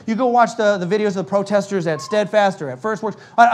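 A male pastor delivering a fiery conference sermon to a live audience, telling stories fast and acting out the people he quotes. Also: high voice. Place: church conference hall with audience.

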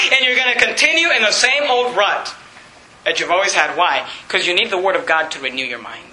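A man preaching a fiery sermon as pastor, often shouting and laughing between lines, recorded in a church. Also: high voice, lively intonation, fairly quick. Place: church hall. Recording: echoey church room.

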